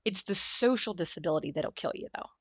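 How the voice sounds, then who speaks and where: Her voice is lowish and husky as she talks fast during a podcast interview, telling frank stories, voicing the characters in them and laughing in bursts. The audio sounds dry and muffled.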